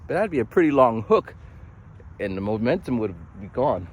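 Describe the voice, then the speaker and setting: A young man muses aloud in a loose, rambling vlog, his pitch swinging widely as he slips into little acted voices. His voice sits at an ordinary middle pitch. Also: brisk. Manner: rambling, animated, full of restarts and acted voices. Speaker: vlogger. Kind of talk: casual monologue.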